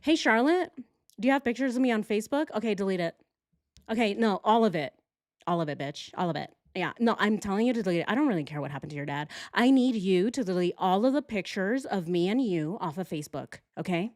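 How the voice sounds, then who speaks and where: A woman's voice: mid-range voice, lively intonation, quick pace, darkish tone, dry recording, studio quality, close to an everyday voice. A woman putting on a mocking impression of a petty, melodramatic young woman who rattles off orders on the phone, whiny and over the top. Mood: bossy.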